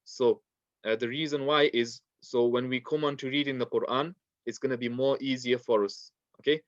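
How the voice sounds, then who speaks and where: A man's voice: medium pitch, steady tone, normal speed, no room sound. Brief: male teacher, patient and repetitive, dry, slightly muffled classroom recording. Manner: patient, repetitive explanations with many fillers. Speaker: Quran recitation teacher.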